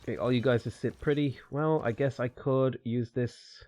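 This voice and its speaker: A man commentating his own strategy gameplay live, chatting and answering viewer questions with sudden bursts of excitement. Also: medium pitch, normal speed. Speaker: game streamer.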